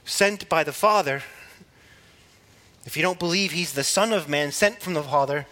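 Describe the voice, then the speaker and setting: A preacher teaching from the Bible in a relaxed, conversational way, with small laughs and restarts. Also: male voice, a little high, moderate pace.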